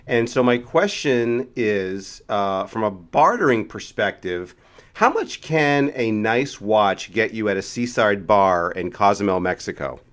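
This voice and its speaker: A man's voice: fairly low pitch, animated, measured pace, fairly bright tone. A man hosting a podcast, asking questions and thanking his guest in an easygoing conversational way. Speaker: podcast host. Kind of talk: conversational interviewing.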